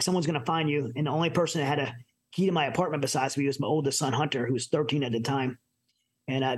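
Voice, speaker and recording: Fast-talking earnest American man. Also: a little high. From United States. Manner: earnest, halting, many fillers and restarts. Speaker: podcast guest. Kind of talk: personal storytelling in an interview.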